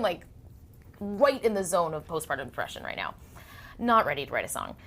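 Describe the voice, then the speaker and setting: A woman in her thirties, a singer-songwriter telling stories in a casual interview, animated, acting out quotes and laughing often. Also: on the low side, a little fast, gravelly.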